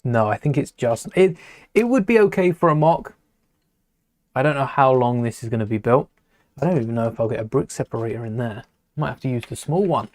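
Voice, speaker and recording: A man's voice: medium pitch, darkish tone. A man talking casually to a live stream as he builds with LEGO, rambling, muttering to himself and greeting viewers in chat.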